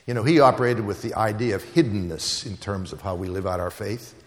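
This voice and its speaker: A man's voice: fairly low pitch, fairly quick, long reverb tail. A man preaching a sermon, telling stories and hammering home repeated phrases. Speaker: pastor.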